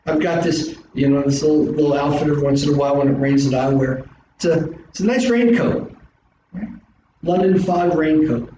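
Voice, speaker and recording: A middle-aged man with a South Philly accent, an instructor giving an animated classroom lecture full of rhetorical questions. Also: on the high side, fairly quick. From South Philadelphia, US. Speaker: college instructor. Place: large classroom. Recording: distant echoey classroom recording, dull and hissy.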